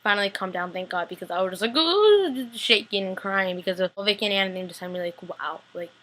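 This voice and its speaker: A woman's voice: level tone, fast talker, sharp tone. Bubbly young woman gushing over a show. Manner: chatty, full of "like" fillers, acts out scenes with sudden high-pitched squeals. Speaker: vlogger reviewing a TV episode. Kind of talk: casual excited recap. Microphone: laptop webcam.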